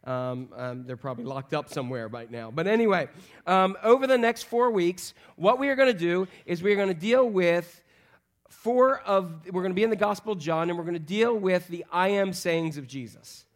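A middle-aged man, a pastor, preaching a sermon with lively, joking storytelling and frequent fillers. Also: sits high, normal speed. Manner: animated, humorous storytelling with many fillers.

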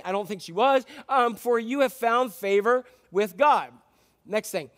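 Chatty high-voiced male pastor. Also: normal speed, a bit bright. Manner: informal and chatty, many fillers and asides. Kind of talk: sermon.

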